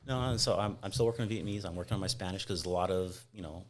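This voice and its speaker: A man's voice: sits low, racing. A man from Fresno, California, a falconer, telling stories in a chatty, rambling way with frequent restarts in a casual podcast conversation. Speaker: guest falconer.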